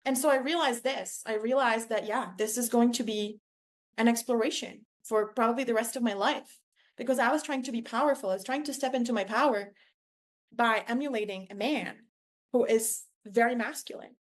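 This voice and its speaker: Young woman gushing through a personal story, lots of "like", bit of a high voice. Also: moderate pace. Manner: effusive, heavy use of "like", acts out quoted voices. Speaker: podcast host.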